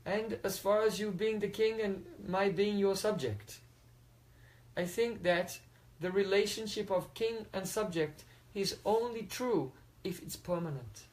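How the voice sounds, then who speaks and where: A man acting out a serene young sage in a spoken story. He reasons calmly and philosophically, in a fairly high voice close to his own. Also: a little slow, low-quality recording. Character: calm, detached young male sage.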